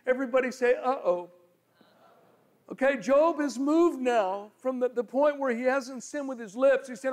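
A male pastor preaching a sermon, telling stories and shifting from loud pleading to low murmurs. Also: moderate pace. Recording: long hall reverb.

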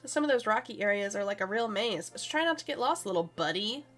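A woman's voice: mid-range voice, lively intonation, quick pace, fairly bright tone, faint music behind. A woman reading a friendly young male classmate calling on the phone, in her own plain voice. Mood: chatty. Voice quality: plain reading voice, no accent put on.

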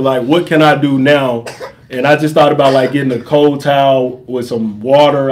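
A young man in casual storytime chat, relaxed and conversational, asking questions. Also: medium pitch, noisy background. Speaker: vlogger, father.

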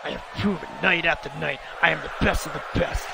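A man's voice: fairly high pitch, fast, gravelly. A man voicing an arrogant, boastful male wrestler who is an evil clone, over a noisy recording. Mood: gloating. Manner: boastful, gloating.

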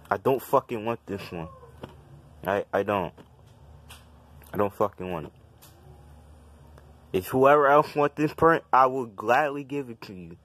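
Husky young male vlogger, mid-range voice, venting angrily with constant swearing. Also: mid-range voice, fairly bright tone, no room sound. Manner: agitated, profane, repetitive complaining. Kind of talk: casual rant to camera.

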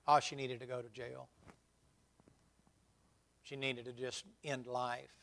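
A middle-aged man preaching a sermon, telling folksy stories and building to loud, emphatic points. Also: medium pitch, little pitch movement, slow pace, gravelly.

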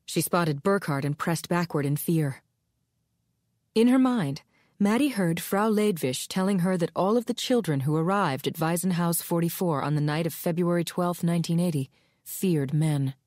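A woman narrating a thriller audiobook in an even, steady storytelling delivery. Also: on the low side, moderate pace, dry recording, studio quality. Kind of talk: scripted narration.

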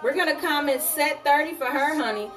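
A woman selling jewelry on a live stream, sassy and animated, calling her viewers honey. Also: high voice, a little fast, music in the background. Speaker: online jewelry seller.

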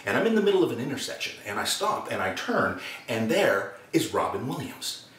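An actor, telling a personal anecdote in an animated way and acting out quotes. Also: male voice, medium pitch, a little fast, distant mic. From Canada. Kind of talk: anecdotal storytelling. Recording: roomy room, speaker set back from mic.

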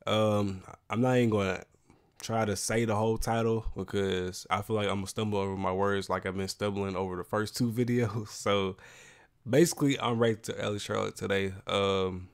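A man's voice: lowish voice, fairly even intonation, moderate pace. A man hosting a casual reaction video, talking in a laid-back, rambling, slangy way and sounding a little congested.

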